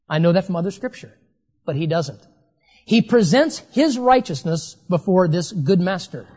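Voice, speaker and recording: Preacher, sermon delivery, emphatic, slows down to stress key words, big hall reverb. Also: mid-range voice, lively intonation, a little mellow, slightly rough.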